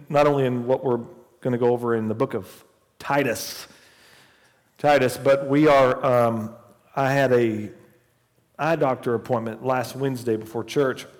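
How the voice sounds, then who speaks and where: A man's voice: mid-range voice, big-room sound. A man in his forties preaching a sermon in church as the pastor, telling a casual personal story before building to fervent preaching. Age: 40s. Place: church sanctuary.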